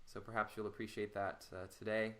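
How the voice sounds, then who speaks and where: A man leading a guided voice warmup as a voice teacher, talking in a slow, calm way. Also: on the low side. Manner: slow, calm guiding, with loud called-out "hey"s. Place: home room during the pandemic. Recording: echoey room, mic at a distance.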